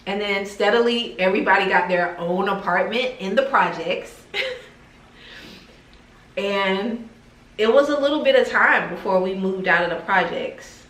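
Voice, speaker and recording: A woman's voice: medium pitch, unhurried, a bit bright. A woman talking to camera in a casual vlog, heartfelt and emotional, with lots of filler words. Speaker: lifestyle vlogger. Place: her house. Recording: roomy echo, somewhat distant from mic.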